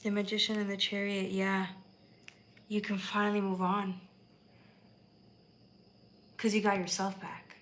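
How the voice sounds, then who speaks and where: Woman, tarot reader on a live stream, bright even delivery, emphatic and emotional, faint hiss behind. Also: mid-range voice, unhurried, pauses often, low-quality recording. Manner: emphatic and emotional, swears freely.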